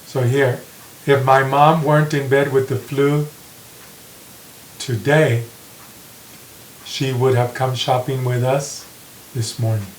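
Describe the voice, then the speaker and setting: Slow, deliberate male grammar teacher. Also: mid-range voice, steady tone. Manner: slow, deliberate, repeats example sentences. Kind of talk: slow classroom grammar lesson. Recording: echoey room with faint hiss.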